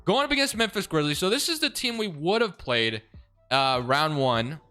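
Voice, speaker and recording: Lively, bright-voiced young man commentating a game. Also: fairly high pitch, normal speed, soft background music. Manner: casual, exasperated, sarcastic about the game. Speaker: gaming channel host.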